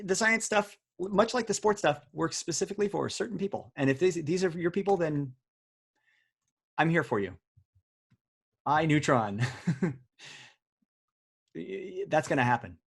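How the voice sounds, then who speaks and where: A man's voice: on the high side, animated, measured pace, gravelly, pauses often, fairly bright tone, breathy edge. A man hosting a live online word quiz over a video call, chatty and teasing as he jokes with the players. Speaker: quiz host. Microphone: video call audio.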